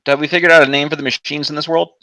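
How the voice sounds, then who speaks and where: A man's voice: fairly high pitch, flat delivery, rapid-fire, bright, forceful tone, dry recording, poor audio. A man playing a tabletop game over a voice call, chatty and self-correcting as he describes his character. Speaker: player. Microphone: computer mic on a voice call.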